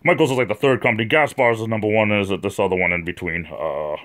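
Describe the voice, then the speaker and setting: A man's voice: lowish voice, quick pace, fairly bright tone. A man from New England hosting a casual livestream, rambling and chatty, with many fillers and repeated words, talking to viewers in the chat by name. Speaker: livestream host.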